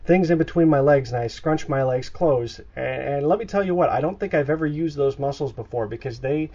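A man's voice: a little high, brisk, dark tone. A man co-hosting a podcast in casual chat over an internet voice call, rambling with stumbling restarts and casual swearing. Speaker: podcast co-host. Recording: muffled internet call audio.

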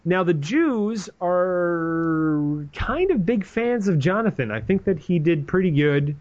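A man's voice: sits high, lively intonation, takes it slowly, darkish tone, dull audio. A man retelling a story in a casual, comedic way, swearing and rambling with plenty of animation.

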